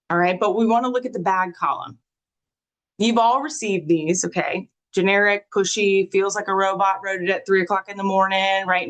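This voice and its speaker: A woman giving a live marketing training in a lively, conversational way, sometimes acting out sample messages in a sing-song voice. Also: mid-range voice, poor audio.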